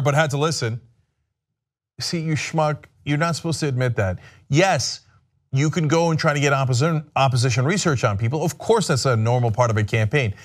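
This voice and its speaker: A man giving sarcastic political commentary in a mocking manner. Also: on the high side.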